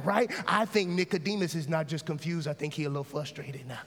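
A man with a high voice preaches a sermon in a relaxed, conversational way. He rises into shouts and calls out to the congregation for a witness. The sound has a long reverb from a large church hall. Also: a little fast. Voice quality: casual, conversational phrasing. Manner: lively preaching with call-and-response and shouts. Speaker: pastor.

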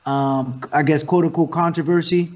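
A man, a guest actor and comedian, talking in a casual interview as an animated, profane storyteller. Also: a little high, normal speed, dull audio, a little hiss or hum.

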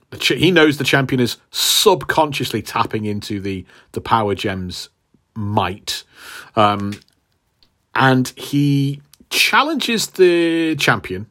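A man co-hosting a podcast who retells a comic book plot in a casual, rambling way, full of fillers and laughs. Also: medium pitch. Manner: animated, rambling, laughs a lot, many fillers. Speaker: podcast co-host.

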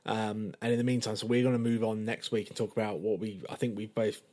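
A man's voice: lowish voice, level tone, fast talker, a little mellow. A man co-hosting a podcast, chatting casually in a playful, giggly way. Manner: playful, giggly, does silly voices. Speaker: podcast co-host.

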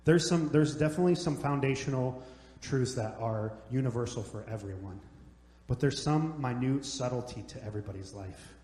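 A young adult man preaching a sermon, telling jokes and stories in a relaxed, conversational way. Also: medium pitch, normal speed. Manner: joking, conversational storytelling. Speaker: pastor. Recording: echoey hall, long reverb.

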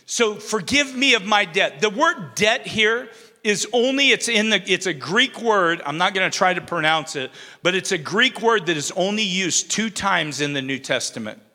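Middle-aged preacher guy, bright tone, chatty and self-mocking, church hall reverb. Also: sits high, expressive, moderate pace. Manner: conversational preaching with self-deprecating humor. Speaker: pastor. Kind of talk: sermon. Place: church sanctuary. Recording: long reverb of a large hall.

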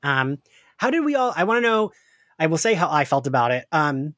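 A man from the Philadelphia area with a slight Philly accent, co-hosting a casual podcast and recapping a show, animated and laughing often. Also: a little high, a little fast, no echo, clean studio sound. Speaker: podcast co-host.

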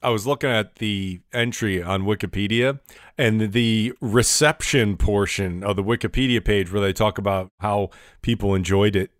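A man's voice: fairly low pitch, moderate pace, no room sound, studio quality. Laughing man on a casual podcast. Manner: laughs often, says "like" a lot. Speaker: podcast co-host.

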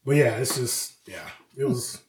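A man's voice: mid-range voice, lively intonation, unhurried. A man co-hosting a podcast who tells stories casually, swears freely and acts out the characters he quotes. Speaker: podcast co-host. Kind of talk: casual chat. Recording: echoey room.

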